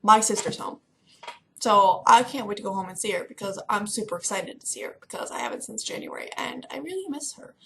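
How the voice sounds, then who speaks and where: Young woman, chatty and excitable, rambling casual vlog talk, faint hiss behind. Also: mid-range voice, fast, vocal fry, few pauses. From Kentucky. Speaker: vlogger. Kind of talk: casual chat.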